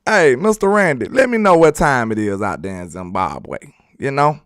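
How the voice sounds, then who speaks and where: Hosting a casual sports live stream, a man with a medium-pitched, fairly bright voice reads viewer comments aloud at normal speed, loose, slangy and repetitive, laughing often. His pitch swings widely, and the studio-quality audio has no room sound.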